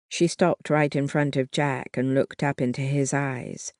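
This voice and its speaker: An audiobook narrator reading a historical novel at a slow, unhurried pace. The delivery stays measured and even from line to line. The recording is dry and close, with no room sound. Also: mid-range voice, no room sound. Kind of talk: scripted narration.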